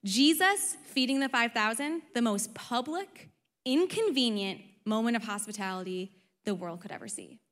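A young adult woman pastor preaching a sermon, conversational and animated, with frequent rhetorical questions. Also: on the high side, normal speed. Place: church auditorium. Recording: long reverb of a large hall.

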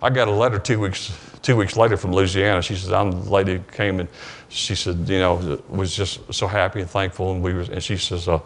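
Telling a story during his sermon, this pastor speaks with a deep voice, fairly even intonation, and a Southern US accent, while a faint hiss or hum sits under the audio. He halts, restarts, repeats words, and retells what people said, all inside a church sanctuary.

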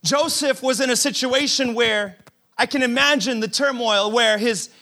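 Bright, high-voiced pastor preaching playfully. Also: male voice, moderate pace. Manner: humorous storytelling with acted-out quotes; animated, repeats words while building a point. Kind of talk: sermon.

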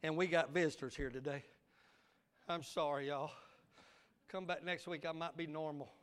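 A man's voice: a little high, steady tone, normal speed, fairly bright tone, clean tone. A male pastor, preaching a fiery sermon with call and response.

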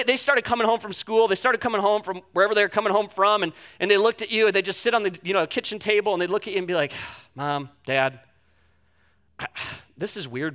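Brief: young male pastor, bright forceful voice, lively storytelling sermon with acted-out quotes. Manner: animated storytelling, acts out quotes with big pitch jumps.

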